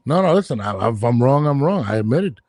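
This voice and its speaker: A man hosting a podcast chats in an easygoing way, relaxed and conversational. His pitch sits in a middle range. The recording is dry and close to the mic. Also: quick pace, no echo. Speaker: podcast host. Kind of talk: casual podcast chat.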